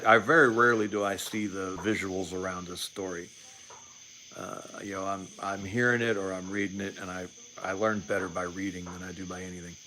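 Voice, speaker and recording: With a deep voice that sounds pushed and bright, a man in his late forties hosts a livestream of casual political commentary. Opinionated and rambling, he repeats words, restarts sentences, and adds sarcastic asides, on a low-quality recording with a little hiss or hum.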